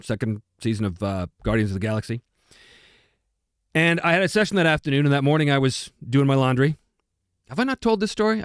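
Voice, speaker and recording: A man's voice: medium pitch, no room sound, studio quality. A man hosting a livestream as a voice actor, chatting casually and telling stories with easy laughter. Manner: lively storyteller who laughs easily. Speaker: voice actor and streamer host.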